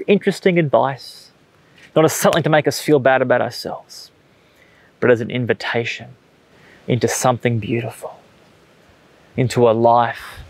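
A man in his thirties with an Australian accent, preaching a sermon in a conversational, earnest way with everyday stories. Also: medium pitch. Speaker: pastor. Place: church stage.

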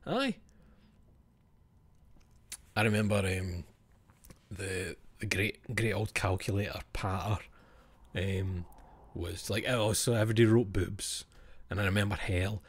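Scottish man, streamer, casual chat, slightly low voice, blunt, swears a lot. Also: breathy edge. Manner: blunt, swears freely, chuckling asides.

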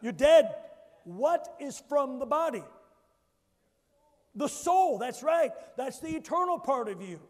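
High-voiced man preaching in a reverberant church. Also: sing-song, takes it slowly, long pauses. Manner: emphatic preaching with call-and-response to the congregation. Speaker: pastor. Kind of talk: sermon. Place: church sanctuary. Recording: long church hall reverb.

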